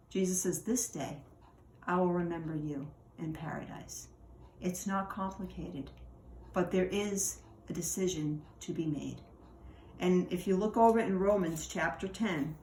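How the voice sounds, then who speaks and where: A woman with a lowish voice gives a casual devotional, reading scripture and musing aloud with easy pauses and restarts. She is recorded in an echoey room with a faint hiss behind her. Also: a little mellow. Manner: conversational, halting with fillers and restarts. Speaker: church leader giving a devotional.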